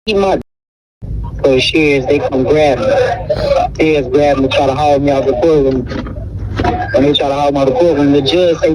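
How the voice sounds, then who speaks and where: A man's voice: a little high, fairly even intonation, normal speed, distant mic, a crowd in the background, low-quality recording. A man with a Louisiana accent, a guest in an interview, telling his story in a casual, streetwise way and acting out the voices of people he quotes. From Baton Rouge, Louisiana. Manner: retells events acting out quoted voices, heavy on "bro" and "you know what I'm saying".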